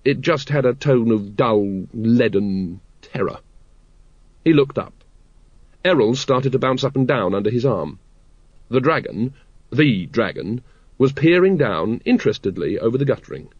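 Man, audiobook narrator, dry wry delivery, middle pitch, dead close room, slightly muffled sound. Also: lively intonation, moderate pace, dry recording. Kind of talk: scripted narration.

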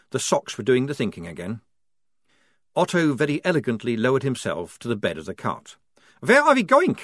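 A man's voice: on the low side, no room sound. A man reading a novel aloud, narrating with a dry, wry delivery. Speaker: audiobook narrator. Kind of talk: scripted narration.

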